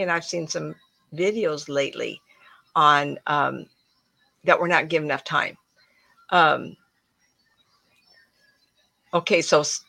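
Middle-aged woman, spiritual talk host; low, gravelly, dry-miked; chatty and emphatic storyteller. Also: fairly bright tone, no room sound. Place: room at home with plants.

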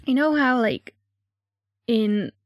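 A woman's voice: on the high side, big pitch swings, slow pace, no echo, clean studio sound. A woman from England co-hosting a true-crime podcast, musing casually with many filler words. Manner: reflective, lots of 'like' fillers. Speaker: podcast co-host.

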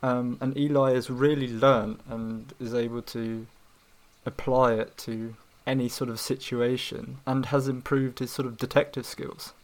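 A man co-hosting a casual book discussion, relaxed and hedging as he talks. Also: medium pitch, a little slow.

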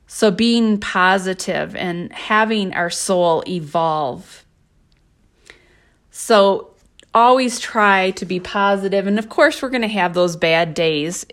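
A woman hosting a spiritual podcast, speaking in a calm, gentle and measured way as she reads from her own book. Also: medium pitch. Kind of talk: slow reflective spiritual talk.

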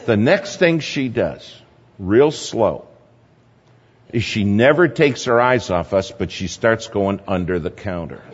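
A man speaking at a church gathering, telling a sermon story in a lively anecdotal way and chuckling at his own tale. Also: on the low side, slow, a little hiss or hum. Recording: dull, echoey hall recording.

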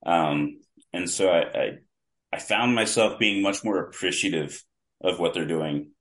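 Unhurried and deep-voiced, with a fairly bright tone, a man appears as a guest on a podcast. A longtime wrestling fan, he tells vivid, detailed stories casually, with many restarts.

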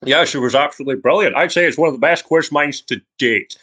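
A man with a Geordie accent hosting a comic podcast, joking around with lively, excitable banter. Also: on the high side, fast. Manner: lively, jokey, swings into big excited exclamations. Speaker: podcast host.

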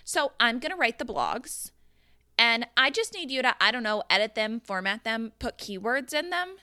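An overly chipper male chiropractor pitching a deal in a breezy, salesy patter, as a woman mimics him. The tone is bright and close, with a dry, crisp edge. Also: sing-song, normal speed, no room sound.

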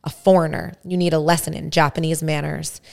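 A woman voicing a big, drunk male laborer with rough, bellowing speech, read aloud in a storytelling. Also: sits low, little pitch movement, brisk. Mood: belligerent.

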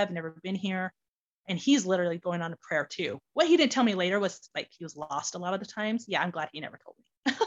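A woman telling her personal story as an interview guest, animated and full of fillers like "like". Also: medium pitch, lo-fi sound. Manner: animated, many fillers such as "like".

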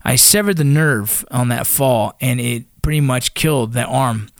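A man's voice: mid-range voice, unhurried, no echo, studio quality. A man casually recounting his army ranger training, swearing freely and acting out the voices of others. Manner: profane, animated, acts out quoted voices. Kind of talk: casual spoken storytelling.

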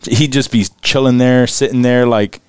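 A man's voice: mid-range voice, steady tone, normal speed, a little mellow, clean tone. A man hosting a casual podcast, joking around, laughing often and swearing freely. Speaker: podcast host. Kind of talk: casual crude podcast banter.

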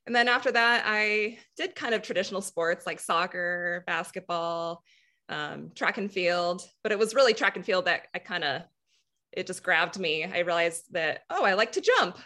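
Woman guest chatting easy, lots of laughs, sharp bright voice. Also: fairly low pitch, moderate pace. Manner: laughs often, relaxed storytelling. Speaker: guest athlete. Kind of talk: casual interview chat.

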